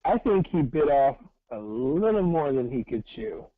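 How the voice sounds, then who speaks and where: A man's voice: mid-range voice, big pitch swings, measured pace, dry recording, narrow, tinny audio. A man co-hosting a casual sports talk show, blunt and wry, swearing casually. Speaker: sports podcast co-host.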